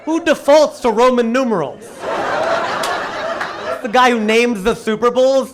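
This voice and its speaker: A man performing a stand-up comedy set, with animated punchline delivery and acted-out quoted voices. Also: very high voice, unhurried, noisy background. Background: audience laughter.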